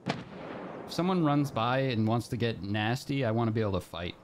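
A young man streaming a game live, talking to his chat in a nervous, excitable way. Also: medium pitch, moderate pace, a little hiss or hum.

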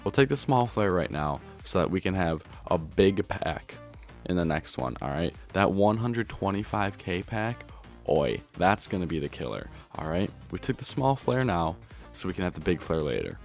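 Excitable male streamer, low voice with wild swings, at home trying to stay quiet. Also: moderate pace, faint music behind. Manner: excitable, swings from grumbling to yelling and laughing; trying to keep his voice down. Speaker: video game streamer. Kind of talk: pack-opening gameplay commentary.

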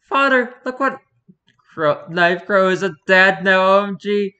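A man voicing an excited young crow chick calling to its father, in a giddy squealing voice. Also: high-pitched, a little slow, clear, resonant tone, lo-fi sound, voice pushed up, heavily acted.

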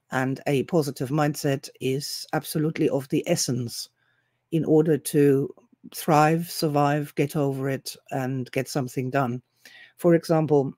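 Woman host, mellow tone, wry and sarcastic, reading sources aloud; dry close recording. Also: low voice, dry recording. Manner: deliberate, with pauses and hesitations. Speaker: self-help author and video host. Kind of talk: solo commentary reading web pages aloud.

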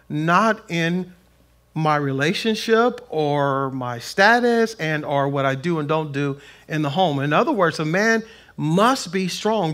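A man preaching a conversational sermon in a plain-spoken, folksy way, swinging between loud emphasis and soft asides. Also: on the high side. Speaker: pastor. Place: church sanctuary.

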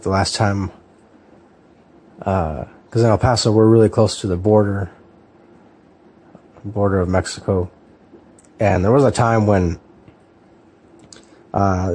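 A man in his thirties from California, chatting casually in a relaxed, hesitant way with lots of fillers and restarts. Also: lowish voice, husky. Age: 30s. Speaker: book vlogger. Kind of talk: casual chat, answering a tag.

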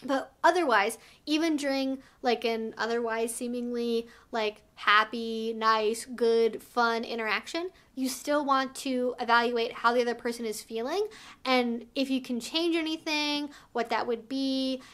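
A woman's voice: high-pitched, fairly bright tone. A woman giving frank, casual advice as a vlogger, emphatic and direct, peppering her talk with "like" and "right?". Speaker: sex educator vlogger.

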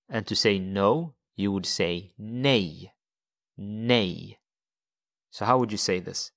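A man's voice: on the low side, slow pace, vocal fry, a bit bright. A man teaching a language lesson step by step, patiently repeating phrases for learners.

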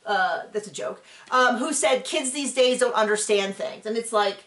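A middle-aged woman co-hosting a reality show recap, talking in an animated, rambling way and acting out quotes. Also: fairly high pitch, moderate pace. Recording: echoey room.

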